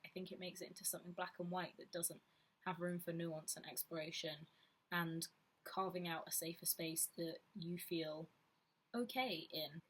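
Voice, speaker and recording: Frank woman vlogger, slightly breathy, lower register, reflective delivery. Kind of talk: candid personal vlog talk.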